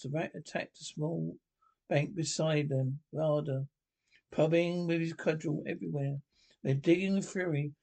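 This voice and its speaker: Brief: male narrator, unpolished read-aloud, husky with a gravelly edge. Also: a little high, a little mellow. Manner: unpolished reading with frequent slips and restarts. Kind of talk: audiobook reading of a children's classic.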